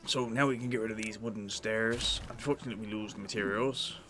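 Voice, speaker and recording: A man's voice: fairly low pitch, fairly even intonation, fast, fairly bright tone, faint music behind. A man streaming a city-building game, talking to himself in a casual, muttering way and sometimes slipping into a silly pirate voice. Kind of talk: casual gameplay commentary.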